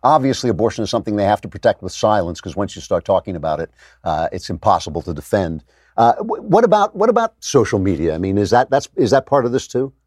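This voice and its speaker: A middle-aged man interviewing a guest in a political talk, thoughtful and halting, with many fillers. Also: on the low side, very animated, darkish tone, no room sound, studio quality.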